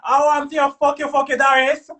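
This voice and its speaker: A man with a Jamaican accent ranting loudly on a live stream, cursing and repeating himself. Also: very high voice, completely flat delivery, moderate pace, distant mic. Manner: loud, cursing, repetitive. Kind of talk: heated live-stream rant.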